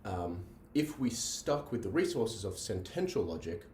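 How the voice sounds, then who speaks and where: A male lecturer explains logic to a class, circling back and asking "right?" as he goes. His voice sits a little low and mellow. It is picked up from some distance in an echoey room with a faint hum of ambience. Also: sing-song, measured pace. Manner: repeats himself, checks in with "right?". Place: classroom with a board.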